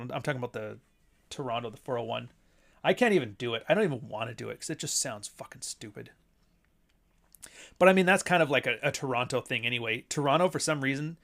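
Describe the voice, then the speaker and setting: A man's voice: mid-range voice, fairly bright tone. A man hosting a casual talk show, ranting in an offhand, profane way and chuckling between points. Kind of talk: casual chat.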